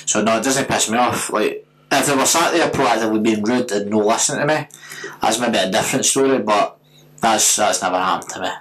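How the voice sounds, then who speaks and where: A man's voice: lowish voice, fairly quick, a bit bright, poor audio. A Scottish man in his twenties co-hosting a podcast, blunt and sweary in casual chat. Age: 20s. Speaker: podcast co-host.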